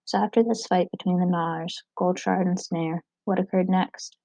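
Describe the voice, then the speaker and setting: A woman's voice: on the low side, steady tone, normal speed, vocal fry, dark tone, no echo, poor audio. A woman reading aloud, voicing a formal male head judge putting questions at a trial.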